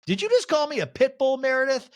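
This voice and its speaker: A man voicing a brash, pushy woman who keeps demanding attention, in a shrill, insistent tone. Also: big pitch swings, fast, dry recording, clean studio sound. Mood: indignant. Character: brash pushy woman begging for screen time.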